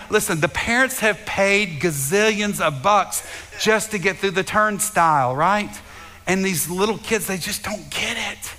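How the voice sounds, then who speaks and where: A man's voice: high voice, sharp tone. A man preaching a sermon to his congregation, fervent and repetitive, often doubling his words and speaking straight to the listeners. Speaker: pastor. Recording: long reverb of a large hall.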